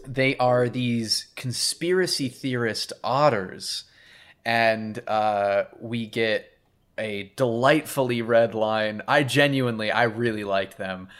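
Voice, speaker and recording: Male podcast co-host with a relaxed, rambling way of recapping a film. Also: medium pitch, slow pace. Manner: laid-back, rambling, laughs often. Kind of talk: casual movie recap chat.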